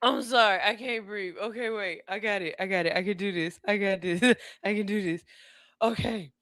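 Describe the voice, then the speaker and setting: A woman's voice: mid-range voice, moderate pace. A woman hosting a podcast, reacting to clips in casual, profane commentary and laughing often. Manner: loud, laughs often, swears freely. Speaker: podcast host.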